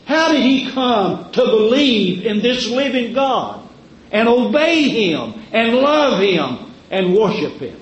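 A man preaching a sermon in a drawn-out, emphatic way, asking rhetorical questions. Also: very high voice, very animated, roomy sound, a little hiss or hum, rough recording.

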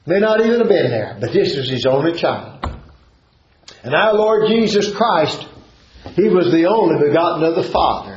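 A man's voice: sits high, darkish tone, roomy sound, dull audio. A male preacher, preaching a sermon in a fervent cadence and repeating phrases for emphasis.

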